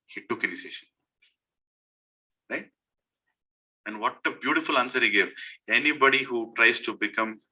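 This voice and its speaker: A man's voice: pushed and bright, dull audio. A man giving a devotional sermon, telling a story and asking his listeners rhetorical questions. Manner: acts out quoted voices, rising high and emotional. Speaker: speaker at a scripture study gathering.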